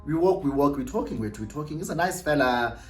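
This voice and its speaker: Animated South African man telling a story. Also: on the high side, fast, echoey room, faint music behind. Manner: animated, laughing, mixes isiXhosa phrases into his talk. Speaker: vlogger. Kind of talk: casual storytime.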